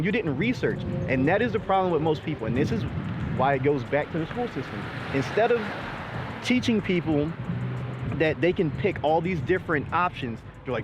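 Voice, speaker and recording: A middle-aged man holds forth in blunt, profane rants, his voice sitting a little high. The audio is slightly dull, with faint traffic noise from outdoors near cars. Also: a little fast. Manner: blunt, profane, animated ranting. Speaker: vlog host. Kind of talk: casual chat.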